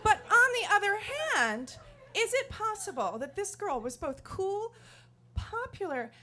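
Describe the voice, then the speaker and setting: High-voiced woman telling a comic story. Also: measured pace. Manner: animated, self-deprecating comic delivery. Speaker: comedian storyteller. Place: live storytelling stage before an audience.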